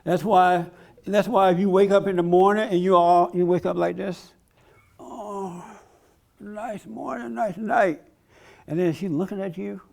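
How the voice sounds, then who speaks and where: A man's voice: high-pitched, little pitch movement, a little fast, vocal fry, a little mellow. A man giving a blunt, emphatic preaching-style talk at a conference, laughing along with his audience. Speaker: conference speaker.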